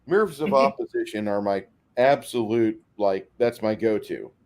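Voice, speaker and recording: A man's voice: lowish voice, normal speed, a little mellow. Enthusiastic man talking about running games. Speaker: dungeon master. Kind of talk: casual gaming chat.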